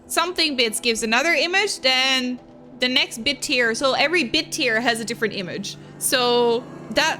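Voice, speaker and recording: A woman's voice: high voice, pushed and bright. A woman streaming live and chatting casually with her viewers, giggling often and gushing thanks to them. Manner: giggly, laughs often between lines. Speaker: streamer reading chat. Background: music playing.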